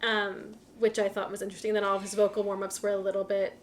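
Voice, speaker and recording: A woman's voice: medium pitch, flat delivery, fast talker. A woman co-hosting a casual movie podcast, chatty and full of trivia, often quoting people in little voices. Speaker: podcast co-host.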